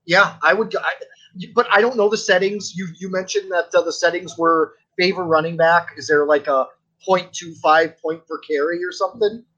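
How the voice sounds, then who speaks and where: A man's voice: sits high, steady tone, moderate pace, pushed and bright, dull audio. A man as a podcast co-host in casual chat, mostly agreeing with short replies and hesitating when he gives an opinion.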